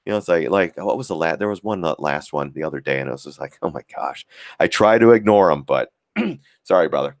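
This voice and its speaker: A man's voice: medium pitch, dry recording, clean studio sound. A man hosting a trading livestream in casual, rambling chat, heavy on filler words and repeats. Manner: acts out quoted voices, chuckles often. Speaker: stock trading livestream host.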